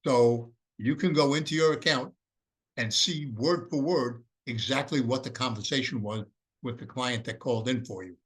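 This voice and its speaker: A man's voice: medium pitch, normal speed, a bit bright. A man talks through a business tool in an unpolished, folksy way. His voice sits in a middle range, and he often stops to restart his sentences. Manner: rambling, many fillers and restarts, folksy. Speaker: presenter of an AI business course. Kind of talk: casual explanatory presentation.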